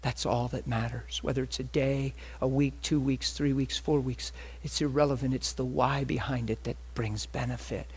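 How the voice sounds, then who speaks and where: A man voicing God as a father, speaking low, hushed and firm. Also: steady tone, normal speed, hardly any pauses, breathy edge. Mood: gentle.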